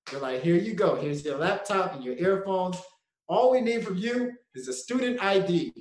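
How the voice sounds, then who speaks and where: A young man with a high voice co-hosts a podcast, telling a story at a normal speed in an echoey room. He's an animated storyteller, laughing often and acting out the quotes in casual conversation.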